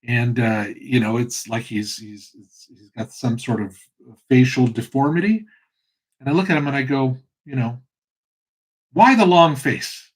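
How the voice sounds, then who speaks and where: A man's voice: mid-range voice, moderate pace, a little mellow, husky. A middle-aged man hosting his own channel, talking in a loose, rambling, conversational way. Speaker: channel host. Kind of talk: casual monologue.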